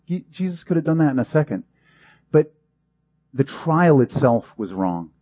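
A man's voice: a little high, very animated, normal speed, mellow, no echo. A pastor preaching a sermon in a conversational, emphatic way, acting out the quotes he gives.

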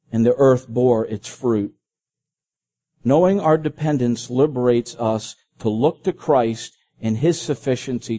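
A middle-aged man, a pastor, preaching an earnest sermon and slowing down when he quotes scripture. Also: mid-range voice, warm tone.

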